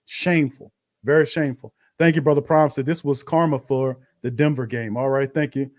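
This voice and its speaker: A man's voice: mid-range voice, fairly even intonation, fairly quick, darkish tone. A man hosting a live-stream watch party, commenting bluntly on a loss and calling his viewers fam. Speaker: sports show host.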